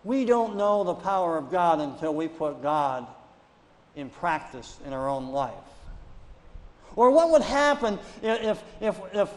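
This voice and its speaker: A male pastor gives a sermon in a lively preaching manner, often climbing into loud, pressing rhetorical questions. His voice sits high for a man. The sound carries the long reverb of a church sanctuary. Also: unhurried.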